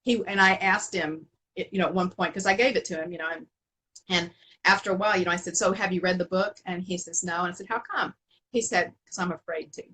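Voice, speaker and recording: Middle-aged woman guest, bright husky voice, lively storyteller who laughs a lot. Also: lowish voice, fast talker, low-quality recording. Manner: animated, laughs often, many restarts and fillers. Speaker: author, interview guest. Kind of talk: casual storytelling in an interview.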